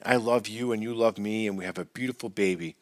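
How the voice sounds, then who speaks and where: A man's voice: lowish voice, fairly even intonation, quick pace, close to an everyday voice. A man reading an audiobook, voicing a distressed young wife who pleads and snaps by turns. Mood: sorrowful. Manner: pleading, sharp when angry.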